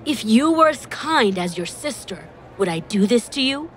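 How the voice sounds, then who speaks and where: A woman's voice: a little high, sing-song, moderate pace, a little hiss or hum. A woman reading a roaring, furious father. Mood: angry. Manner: roaring, harsh. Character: furious domineering middle-aged father.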